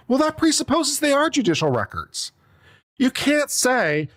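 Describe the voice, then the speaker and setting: A man's voice: high voice, very animated, normal speed, a bit bright. Exasperated lawyer guy tearing into a brief, sarcastic and sweary, voice jumps all over the place. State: coughing now and then. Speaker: attorney commentator. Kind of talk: reading and reacting to a legal brief.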